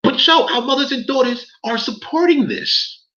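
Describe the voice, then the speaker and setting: Heated, animated man on a livestream. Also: extremely high pitch, moderate pace, highs cut off. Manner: heated, profane, repeats phrases, talks to chat. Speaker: livestream commentator. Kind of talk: casual livestream rant.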